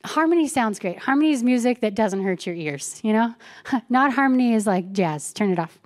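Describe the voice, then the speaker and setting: Preaching a sermon, this woman pastor speaks in a fairly high voice and keeps things relaxed and chatty. Scripture readings are woven together with ordinary stories and quick side remarks.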